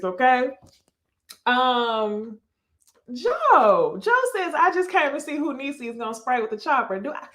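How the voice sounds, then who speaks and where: A woman's voice: high voice, sing-song, unhurried, a bit bright. A woman from Texas with a slight Texas accent, hosting a casual live stream on her channel, chatting to viewers and laughing often. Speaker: YouTube host.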